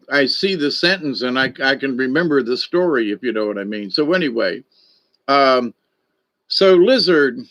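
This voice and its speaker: A man's voice: mid-range voice, fairly bright tone. A man casually telling an animal story and reading oracle cards, rambling with many fillers and restarts. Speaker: card reader.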